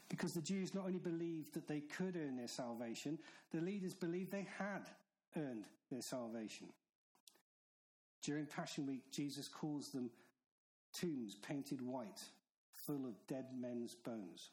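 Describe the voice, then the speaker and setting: A man's voice: on the high side, animated, measured pace, a little mellow, poor audio. A man preaching a sermon in an earnest, stern manner, with emphatic repetition. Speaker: pastor.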